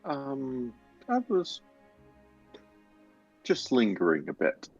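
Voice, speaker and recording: A hesitant, awkward young man, as a player voices him, with a low, husky voice that swings widely in pitch. He speaks very slowly in a tabletop role-play. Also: huge pitch swings, muffled recording, soft background music, heavily acted.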